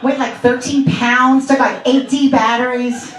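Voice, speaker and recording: Her voice sits high and level, and she takes her time. She's a woman in her fifties from Long Island, New York, working a comedy club stage with brash, profane, conversational storytelling, captured by a distant mic amid the club's echo.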